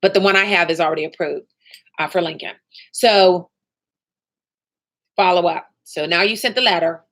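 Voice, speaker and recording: A woman's voice: lowish voice, moderate pace, pauses often, fairly bright tone. A woman running a live training session for sales agents, upbeat and motivational, often checking in with "okay?" and "right?".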